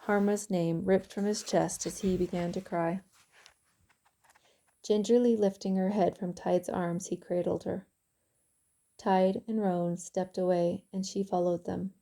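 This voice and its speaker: Woman with a dark gravelly voice reading her novel. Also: medium pitch, flat delivery, a little slow. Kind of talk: audiobook narration.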